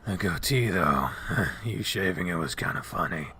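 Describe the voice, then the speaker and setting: A man doing a groggy, deadpan young wolf. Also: moderate pace, breathy edge, heavily acted. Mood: flat mumbling. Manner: deadpan mumble, low and soft. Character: injured, groggy young male wolf, flat and rambling.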